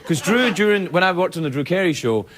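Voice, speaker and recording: Lively man doing a comic monologue. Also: high voice, quick pace. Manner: playful, lively, bursts into shouts and mock voices. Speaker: late-night talk show host. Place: TV studio with live audience. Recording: loud studio audience laughter and noise.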